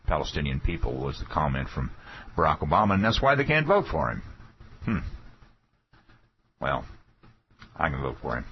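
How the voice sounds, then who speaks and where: A man's voice: a bass voice, a little hiss or hum. A man hosting a political talk radio show, delivering a folksy, sarcastic monologue. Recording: dull lo-fi radio broadcast.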